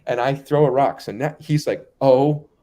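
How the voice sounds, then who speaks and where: A man telling a long anecdote as a guest in a casual interview, animated and acting out other people's lines. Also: mid-range voice, a little fast. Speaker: guest storyteller.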